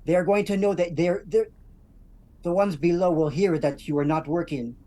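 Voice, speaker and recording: A woman voicing a short halfling woman who urges freed prisoners to stay calm and pretend to work. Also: fairly low pitch, moderate pace, lightly acted. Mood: urgent, pleading.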